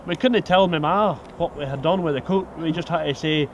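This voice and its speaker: A man's voice: a little high, brisk, a little hiss or hum. An older man, recalling boyhood adventures with an easygoing, chuckling manner. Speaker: documentary subject. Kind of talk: reminiscing storytelling.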